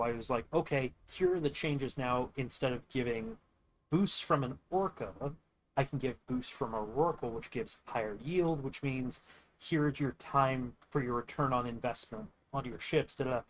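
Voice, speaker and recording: A man's voice: mid-range voice, normal speed, slight background noise, rough recording. A young man streaming games and telling a long rambling story in a casual, profane way, quoting others as he goes. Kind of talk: casual storytelling while gaming.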